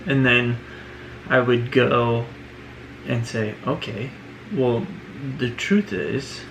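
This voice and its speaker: A man's voice: mid-range voice, fairly even intonation, takes it slowly, background noise. A man talking earnestly in a personal vlog, leaning on "you know" and "right?" as he reflects. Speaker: vlogger.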